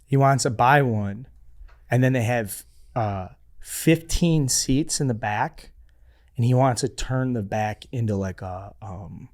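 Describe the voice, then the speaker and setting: Animated man telling stories on a podcast. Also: mid-range voice, slow pace. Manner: animated storyteller who acts out quoted voices. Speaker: podcast co-host. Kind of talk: casual chat.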